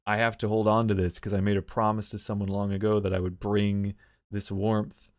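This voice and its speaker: A man with a fairly low voice talks through a video game's story in a loose, chatty recap. He wanders and restarts his sentences and laughs lightly at his own asides. The sound is close and dry, with no room around it. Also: little pitch movement, a little fast, no room sound. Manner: rambling, self-correcting, chuckling. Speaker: video game story commentator. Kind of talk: casual commentary recap.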